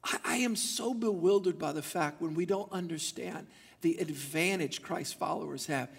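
A male pastor preaching a sermon in church, retelling the story with animated acted-out voices. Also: fairly high pitch, moderate pace, vocal fry, breathy edge. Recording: long church hall reverb.

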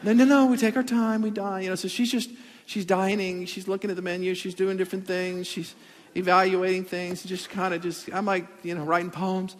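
Male pastor, pretty high voice, hall echo all over, jokey animated storytelling sermon. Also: fairly quick. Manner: animated storytelling with comic asides. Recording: long hall reverb.

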